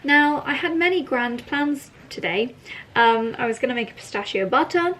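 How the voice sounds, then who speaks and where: A woman's voice: sits high, moderate pace, a bit bright, poor audio. A woman chatting casually to camera at home in a playful, giggly way. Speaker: lifestyle vlogger. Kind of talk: casual vlog chat to camera. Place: at home indoors.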